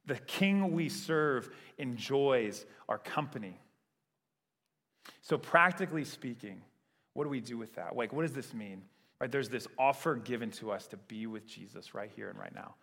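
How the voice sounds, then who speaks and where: A man's voice: mid-range voice, lively intonation, normal speed, gravelly, fairly bright tone, big-room sound. A man preaching a sermon in a conversational way, often checking in with "right?". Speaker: pastor.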